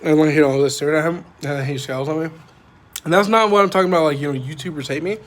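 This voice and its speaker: A vlogger talks casually at night in a parked vehicle with a microwave nearby, rambling and meandering with constant filler words. His voice is on the high side and fast.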